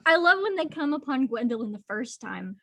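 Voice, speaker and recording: A woman's voice: high-pitched, sing-song, a little fast, gravelly. A woman co-hosting a podcast in casual book talk, gushing with enthusiasm and laughing often. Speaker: podcast co-host.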